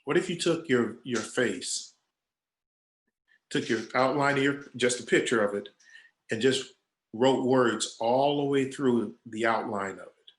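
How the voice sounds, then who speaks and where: In an echoey room, a man appears as a guest creative director in a casual storytelling Q&A, voicing the people he quotes like an animated storyteller. He speaks at medium pitch and an unhurried, measured pace.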